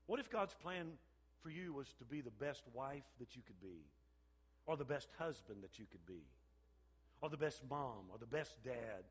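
An older man, a pastor, preaching a sermon with animated storytelling and repeated phrases. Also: mid-range voice, moderate pace, husky. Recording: long hall reverb.

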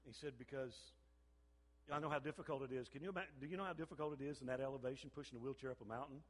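An older man, a pastor, preaching a sermon with animated storytelling and repeated phrases. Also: medium pitch, racing. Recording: long hall reverb.

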